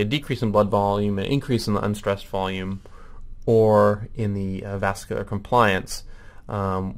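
A man giving a recorded medical lecture, explaining step by step with frequent ums and self-corrections. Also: on the low side.

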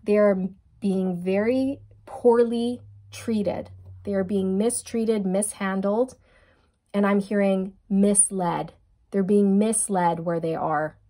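A woman giving a casual tarot reading, speaking straight to her viewers in a gushing, excitable way. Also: mid-range voice, slow pace. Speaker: tarot reader.

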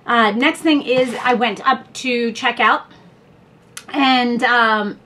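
A woman's voice: on the high side, takes it slowly, sharp tone, a little hiss or hum. A woman talking through a makeup haul in a chatty, rambling way, full of fillers and asides. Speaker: beauty vlogger. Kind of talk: casual product review haul.

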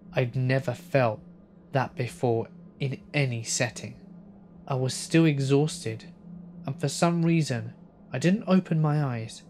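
Male horror narrator, slow subdued read, mid pitch. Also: darkish tone. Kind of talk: scripted narration of horror stories.

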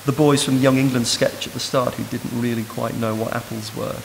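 A man giving an academic lecture in a measured, thoughtful way, recorded in a lecture room. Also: medium pitch, flat delivery, gravelly. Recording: noisy hiss in a reverberant hall.

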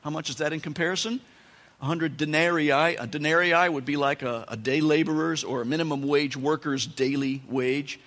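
A pastor preaching a sermon, telling the story with animated asides and dramatic emphasis. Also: male voice, fairly high pitch, moderate pace. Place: church sanctuary. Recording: long church-hall reverb.

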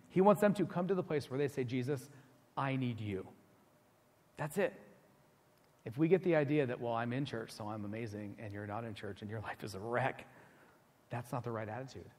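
A man preaching a sermon as pastor, animated and conversational, acting out quoted voices. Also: fairly high pitch. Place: church sanctuary. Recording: long church hall reverb.

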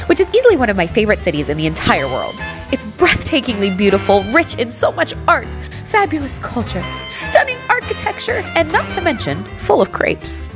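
A bubbly woman vlogger with a fairly high voice that swings wildly up and down. She gasps and gushes, sometimes sinking into a hushed whisper. Background music plays clearly under her voice. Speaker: vlog host. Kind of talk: excited travel vlog chatter. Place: hotel room, then outdoor markets.

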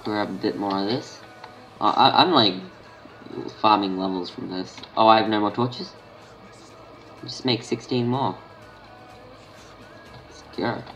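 A man's voice: lowish voice, a little slow, pauses often, fairly bright tone, soft background music. A man with an Australian accent giving casual gameplay commentary, thinking aloud and muttering half-finished sentences to himself. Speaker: gaming channel host.

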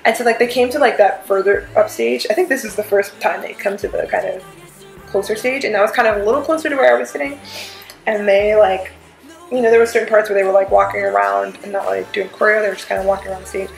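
A woman vlogger with a gravelly, fry-tinged voice, gushing excitedly about a concert in loose, filler-heavy chat with the odd swear. She sounds like she is in an echoey room, with faint music playing underneath. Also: medium pitch, quick pace. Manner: gushing, excitable fangirl talk full of "like" and swearing. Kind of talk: casual concert review chat.

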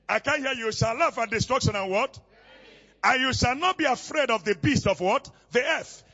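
A male pastor preaching a sermon, asking questions and having the congregation call back the missing words, often rising to shouts. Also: high-pitched, slightly rough, highs cut off.

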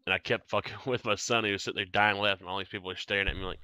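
A man's voice: fairly low pitch, steady tone, very fast, sharp tone, clear, resonant tone, dry recording. A man in a casual gaming chat with friends, swearing freely and telling stories. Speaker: gamer friend.

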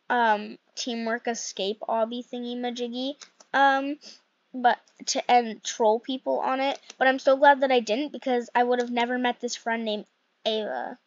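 A woman's voice: sits high, lo-fi sound. A woman hosting casual game commentary at home, chatty and rambling as she plays. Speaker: gaming channel host.

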